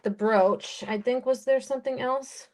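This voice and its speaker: A woman with an American accent running a live-stream jewelry auction, chatty and unhurried as she calls bids and describes each piece. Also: high voice, fairly even intonation, darkish tone.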